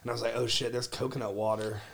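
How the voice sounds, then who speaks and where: Gravelly-voiced man hosting a podcast. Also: mid-range voice, little pitch movement, fast talker. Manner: hyped, loud show intro then joking banter. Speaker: podcast host. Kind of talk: casual podcast chat.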